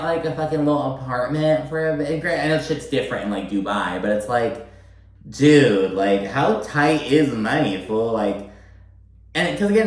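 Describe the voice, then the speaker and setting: A young man giving a casual, swear-laden recap of a reality show, full of "like" fillers. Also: medium pitch. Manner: chatty, swears freely, many "like" fillers. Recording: very echoey room.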